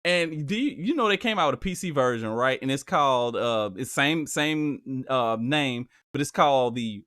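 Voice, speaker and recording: A relaxed man in a casual gaming chat, his voice at an everyday male pitch. He turns emphatic when something excites him and swears offhandedly. The recording is dry, with no room echo. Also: normal speed.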